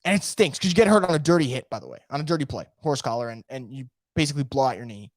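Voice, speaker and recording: Fast-talking opinionated male podcaster. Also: mid-range voice, no room sound, studio quality. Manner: energetic, opinionated, rambling with restarts. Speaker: podcast host. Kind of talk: casual live podcast commentary. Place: home room.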